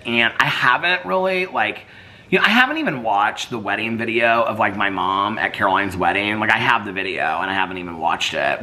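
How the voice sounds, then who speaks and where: Man, vlogger, casual chat, rambling, lowish voice, bright tone. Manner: rambling, heavy use of "like".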